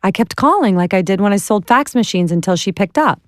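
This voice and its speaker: A middle-aged woman telling stories as an interview guest, animated and laughing as she acts out the people in them. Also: mid-range voice, a little fast, no echo, clean studio sound. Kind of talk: animated storytelling.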